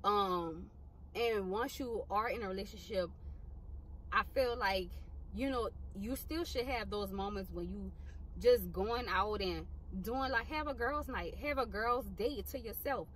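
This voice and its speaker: A young adult vlogger chats with her viewers, her tone blunt, animated, and full of swearing. Her medium-pitched voice moves a little slowly, with slight background noise behind it.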